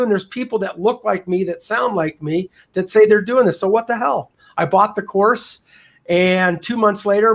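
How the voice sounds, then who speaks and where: High-voiced man telling his story. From United States. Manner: energetic, candid storyteller. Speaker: podcast guest, real estate investor. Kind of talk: casual storytelling interview.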